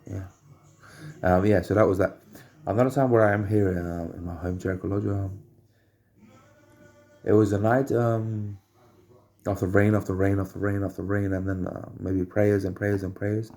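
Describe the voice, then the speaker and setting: A man at home telling rambling personal anecdotes, halting and repeating phrases as he searches for words. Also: fairly low pitch, steady tone, mellow. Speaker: storyteller.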